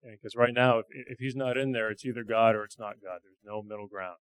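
A man sharing stories from a church mission trip in a halting, earnest way. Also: lowish voice, steady tone, smooth, poor audio. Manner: halting, repeats words, earnest. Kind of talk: casual testimony talk.

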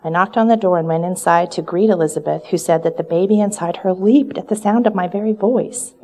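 A woman's voice: fairly low pitch, brisk, dark tone. A woman performing a first-person dramatic monologue, earnest and full of reverent wonder. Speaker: storyteller in character.

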